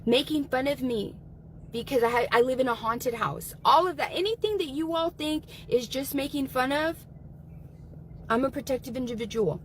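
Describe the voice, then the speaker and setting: A woman's voice: sits high, moderate pace, a little hiss or hum, rough recording. A woman talking angrily and emphatically on a livestream, swearing often as she vents. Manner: angry, profane, emphatic. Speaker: guest. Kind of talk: heated livestream talk.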